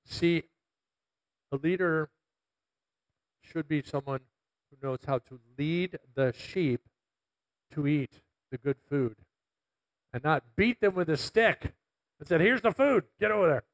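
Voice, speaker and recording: A man's voice: a little high, slow pace, long pauses, poor audio. A middle-aged man, a pastor, preaching a conversational sermon full of stories and quoted asides.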